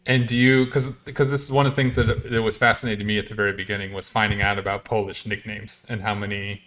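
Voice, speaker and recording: A man's voice: fairly low pitch, level tone, quick pace, a bit bright. A man co-hosting a casual podcast, chatty and laughing often as he talks. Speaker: podcast co-host.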